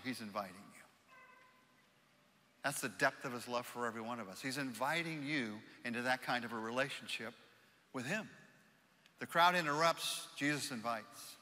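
Male preacher, bright tense voice, slightly high, big reverberant hall; swings from shouts to hushed lines. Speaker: pastor. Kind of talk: sermon. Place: church auditorium.

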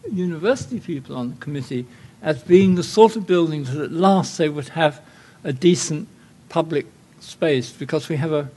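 A man's voice: a little high, normal speed, hardly any pauses, dark tone. An older man with an English accent giving a guest lecture with slides, wry and anecdotal, full of rambling asides.

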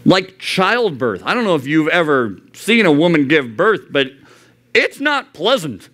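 A man preaching to a youth group, animated and acting out the voices he quotes. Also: fairly high pitch, normal speed. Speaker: youth pastor. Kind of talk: sermon. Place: church youth service.

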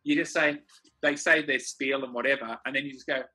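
Australian male co-host, bright and a touch husky, relaxed anecdotes on a video call. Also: mid-range voice, a little fast, faint music behind. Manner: laughing, easygoing storyteller. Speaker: comedy co-host. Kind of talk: casual chat over a video call.

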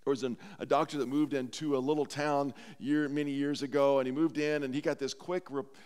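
A man's voice: mid-range voice, steady tone, fairly quick, a little mellow, clean tone. A man preaching a sermon as pastor, earnest and heartfelt, in a church sanctuary. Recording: long church hall reverb.

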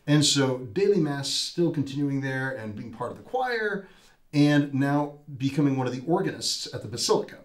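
Animated priest telling stories, roomy echo. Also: male voice, mid-range voice, normal speed. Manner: animated storyteller, lively quoted exchanges. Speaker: Dominican priest, guest. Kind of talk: casual storytelling interview.

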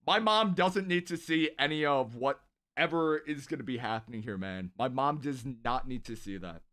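A man hosting a casual live stream, talking at length and giving shout-outs to viewers from his home. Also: mid-range voice, normal speed. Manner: rambling and talkative, shouting out viewers. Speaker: live-stream gaming host.

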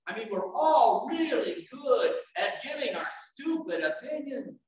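Animated male preacher in an echoey church. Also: a little slow, few pauses, highs cut off. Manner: animated preaching, swinging from shouts to low asides. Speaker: pastor. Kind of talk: sermon. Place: church sanctuary. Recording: echoey church room from far off.

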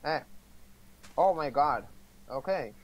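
A man's voice: fairly high pitch, expressive, slow, poor audio. A man hosting a livestream of a game, chatting casually, hesitant with fillers. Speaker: streamer host. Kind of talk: casual gaming chat on a livestream.

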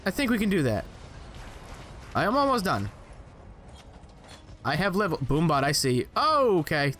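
A man's voice: high-pitched, wildly swooping pitch, normal speed, fairly bright tone, a little hiss or hum. A young man commenting on his own gameplay, exclaiming, joking to himself and swearing as he plays. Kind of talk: casual let's play commentary.

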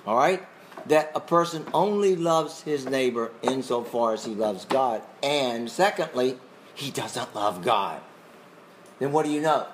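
A man's voice: mid-range voice, unhurried, background noise. A man teaching a Bible class who questions his listeners in a conversational way and chuckles often.

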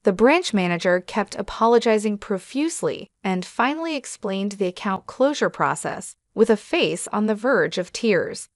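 A woman narrating a scripted first-person story in an even, steady way. Her voice sits at a middle pitch and sounds close and dry, with no room around it. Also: moderate pace, few pauses, no echo.

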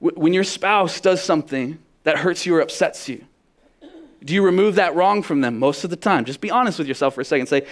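A man preaching a sermon as pastor, emphatic, asking the congregation direct questions, dropping to a hush and building up loud. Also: on the high side, fairly quick. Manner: drops to a hushed voice then builds up loud.

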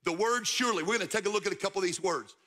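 A man preaching a sermon in a church, talking straight to the crowd and building to loud, emphatic peaks. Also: sits high, racing. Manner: preaching with rising emphasis, addressing the crowd directly. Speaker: guest speaker, football coach. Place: church stage.

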